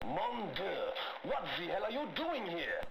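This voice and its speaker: A man's voice: high voice, big pitch swings, unhurried, fairly bright tone, full character voice. An actor playing a sleazy, defensive male photographer in a video game, with a snappish, flustered manner. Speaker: game character. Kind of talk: sampled video game dialogue.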